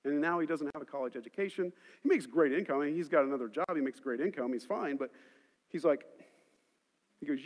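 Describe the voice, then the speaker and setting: A man preaching a sermon as pastor, telling stories and shifting between loud emphasis and quiet asides. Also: on the high side, fast. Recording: long hall reverb.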